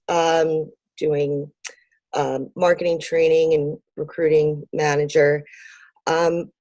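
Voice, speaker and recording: A woman's voice: fairly low pitch, warm tone, no room sound. A woman being interviewed about her marketing business, talking casually with frequent fillers and light laughs. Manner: lots of ums and fillers, laughs easily. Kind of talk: conversational interview.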